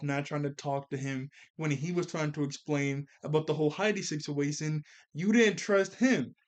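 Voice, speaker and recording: Young guy recapping a cartoon ep, kinda high voice, slangy, laughs a lot, super animated. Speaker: cartoon reviewer. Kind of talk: casual episode recap and review.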